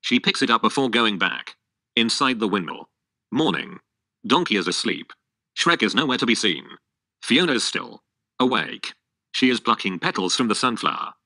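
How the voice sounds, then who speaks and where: Bright synthetic male narrator. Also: fairly low pitch, normal speed, no echo. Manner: flat synthetic delivery with odd stresses. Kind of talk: text-to-speech reading stage directions.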